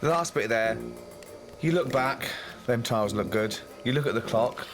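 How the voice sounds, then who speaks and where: A male podcast host with a very lively, swooping pitch and a middle register, teasing and incredulous in casual chat. Music plays clearly in the background. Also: moderate pace. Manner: teasing, incredulous, bursts into laughter.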